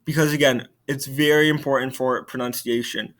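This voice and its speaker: A man's voice: mid-range voice, fairly even intonation, normal speed, fairly bright tone. A male French teacher giving a recorded video lesson, explaining patiently and repeating key points.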